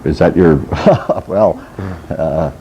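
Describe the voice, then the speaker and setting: A man's voice: deep voice, lively intonation, normal speed, dull audio, crowd noise. A male comedian giving straight-faced, rambling answers with many hesitations in a mock interview.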